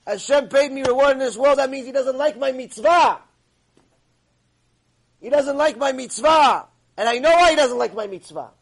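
A man playing an old rabbi who cries and wails in lament, with a husky voice. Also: fairly high pitch, racing, hardly any pauses, pitched below the performer's own voice. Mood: anguished wailing. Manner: wailing, sobbing repetition. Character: grief-stricken old rabbi wailing in lament.

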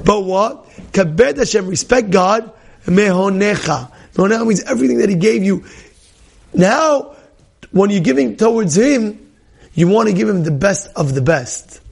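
Gravelly, animated rabbi teaching a class. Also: male voice, high voice, normal speed. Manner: animated, repeats phrases, acts out quoted people. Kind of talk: lively Torah class to a small group.

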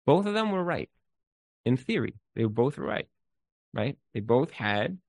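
A man's voice: mid-range voice, sing-song, a little slow, long pauses, dry recording. A man giving relationship advice in an informal talk, speaking earnestly and emphatically, repeating words as he thinks and mixing in Hebrew terms. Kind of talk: informal spoken talk with storytelling.

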